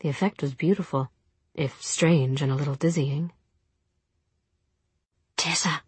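A woman with a low, husky voice narrating a novel at an even, measured pace. The sound is close and dry, with no room around it. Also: no echo. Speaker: audiobook narrator. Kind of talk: scripted narration.

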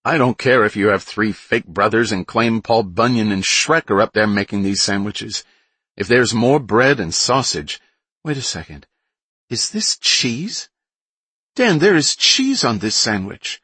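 A man's voice: on the low side, animated, unhurried, pushed and bright, breathy edge, dry recording, voice pushed up, full character voice. A man voicing an envious, food-loving woman nurse with a thick Boston accent in an audiobook. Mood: amazed.

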